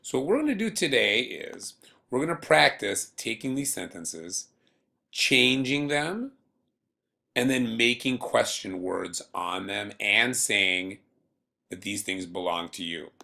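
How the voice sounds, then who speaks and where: A man teaching a beginner Spanish lesson to students at home, speaking patiently and slowly and repeating words for learners. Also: lowish voice, lively intonation, vocal fry, pushed and bright. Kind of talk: recorded remote classroom lesson.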